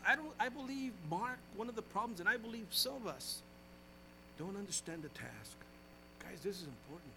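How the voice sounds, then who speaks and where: A male pastor preaching a sermon in church, calling out to the congregation and switching between loud exhortation and hushed, folksy storytelling. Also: high-pitched, noisy background.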